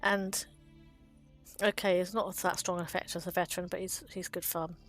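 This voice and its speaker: A woman's voice: lowish voice, little pitch movement, moderate pace. Woman rambling fondly about card art, lots of ums and little laughs, faint music behind. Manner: chatty and fond, with frequent ums and small laughs. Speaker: card game video host. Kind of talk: casual commentary on card art.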